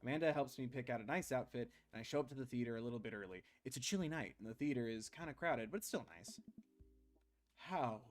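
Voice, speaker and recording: A man's voice: mid-range voice, animated, fast, few pauses. A man casually streaming and reading through a dating game aloud, playful and jokey. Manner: playful, jokey, laughs often.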